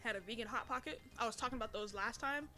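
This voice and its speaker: A woman's voice: a little high, fast talker, over music. A woman hosting a casual commentary show, talking in a chatty, rambling way with many fillers and self-corrections. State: burping from heartburn. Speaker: podcast host reviewing a TV drama.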